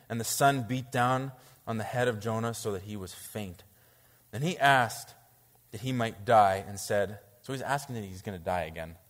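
A man preaching a sermon to a congregation, reading scripture aloud and reacting to it with animated disbelief. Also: medium pitch, in a large hall. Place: church.

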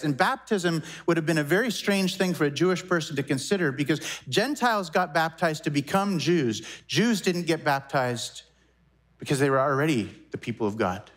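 A man in his forties preaching a sermon as a pastor, animated and conversational, with quick asides and self-corrections. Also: on the high side. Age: 40s.

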